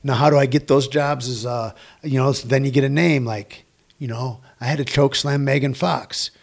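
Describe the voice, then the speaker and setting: Gravelly, profane middle-aged man telling stories. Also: medium pitch, moderate pace. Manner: profane, energetic storyteller. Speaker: guest actor. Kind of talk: casual storytelling interview.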